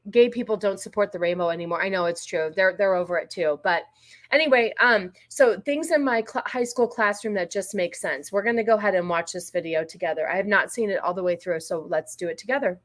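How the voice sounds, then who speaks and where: A woman's voice: medium pitch, fairly bright tone. Blunt, exasperated woman host. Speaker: livestream host. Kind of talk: casual commentary livestream.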